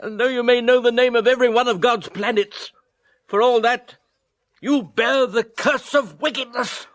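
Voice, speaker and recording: A man's voice: very high-pitched, steady tone, moderate pace, fairly bright tone, no room sound. An actor playing a proud, elderly male servant in a radio drama, dignified and reproachful. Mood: defiant. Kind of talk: 1980s radio drama acting.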